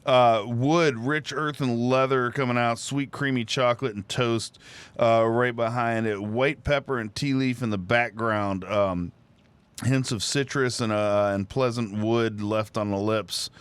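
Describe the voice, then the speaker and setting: A man gives cigar tasting notes on a podcast. His voice is smooth and resonant, and he speaks at a middling pitch with a relaxed, descriptive manner. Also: measured pace, no echo. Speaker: podcast co-host, cigar reviewer. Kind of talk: casual chat, tasting notes.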